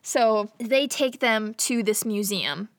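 A woman's voice: mid-range voice, slow, dry recording, studio quality. A young woman casually retelling a movie plot to a co-host, chatty and giggly, acting out the characters' lines. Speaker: podcast co-host.

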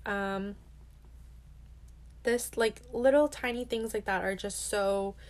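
A woman's voice: medium pitch, takes it slowly. A young adult woman hosting a self-help podcast, talking candidly and casually, filling her speech with "like" and swearing now and then. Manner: chatty, heavy use of "like", candid and swears casually. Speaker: podcast host.

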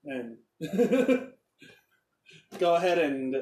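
A man's voice: on the high side, sing-song, very slow, darkish tone, far from the mic. A man narrating as game master in a rambling, hesitant way. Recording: roomy echo, off-mic.

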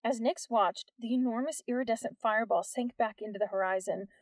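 A woman reading a novel aloud as the narrator, telling it at a steady storytelling pace. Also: fairly high pitch, fairly quick, no room sound.

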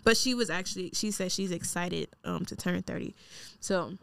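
A woman's voice: fairly low pitch, normal speed, vocal fry, fairly bright tone, dry recording. Woman, thirties, podcast co-host, casual chat, slangy, swears a lot, dry close sound. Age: 30s. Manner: laid-back and slangy, swears freely.

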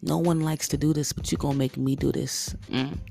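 A young woman hosting her own podcast, telling a casual, animated story and talking straight to her listeners as guys and y'all. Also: sits low, a little fast, vocal fry, soft background music. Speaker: podcast host.

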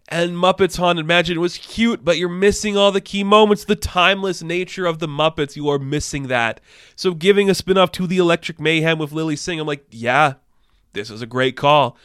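A man hosting a casual movie news show, talking with excitable enthusiasm and frequent swearing. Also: on the high side, moderate pace, smooth, dry recording, clean studio sound. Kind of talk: casual entertainment news commentary.

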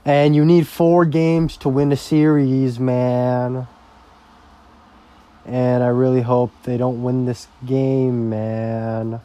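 Slow, rambling, foul-mouthed young man. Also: mid-range voice, flat delivery, warm tone. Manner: rambling, heavily profane, slow-paced. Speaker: vlogger. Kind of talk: casual profane rant.

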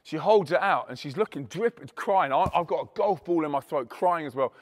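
A man's voice: on the high side, fairly quick, in a large hall. A Christian youth speaker, a man, telling an emphatic testimony story to an audience and acting out the dialogue. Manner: animated, emphatic, acts out quoted dialogue.

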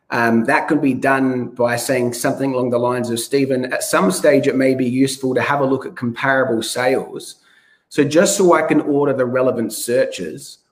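Man, slightly hoarse, coaching tone, restarts sentences, stresses key words. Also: medium pitch. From Australia. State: a bit hoarse. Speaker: real estate coach. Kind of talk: podcast interview.

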